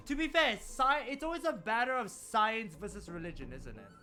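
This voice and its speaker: A man's voice: high-pitched, normal speed, soft background music. A young man, chatting animatedly while streaming a game. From Malaysia. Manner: chatty, animated, laughs often. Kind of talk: casual gameplay commentary.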